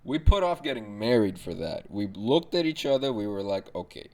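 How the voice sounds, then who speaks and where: A man's voice: fairly low pitch, lively intonation, moderate pace, darkish tone. A young man hosting a podcast, ranting casually and sarcastically with frequent swearing. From Arab background. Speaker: podcast host. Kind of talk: casual monologue rant.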